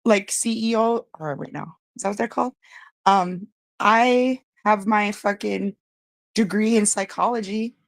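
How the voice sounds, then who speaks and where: A woman hosting a casual livestream, talking bluntly and rambling with plenty of swearing, her greetings to viewers jumping up high and excited. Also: measured pace, gravelly, no room sound. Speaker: livestream host.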